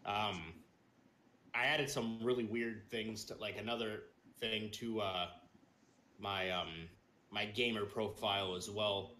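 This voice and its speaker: A man's voice: lowish voice, steady tone, slow, sharp tone, reverberant, a little hiss or hum. A man co-hosting a gaming podcast, chatting casually in a rambling, hesitant way with lots of ums and restarts. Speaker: podcast co-host and streamer. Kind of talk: casual chat.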